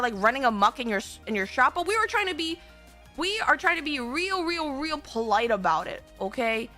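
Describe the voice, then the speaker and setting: Young woman, high and bright, chatty streamer storyteller, rambling and animated, faint music underneath. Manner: animated, rambling, swears, acts out quotes. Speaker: VTuber streamer.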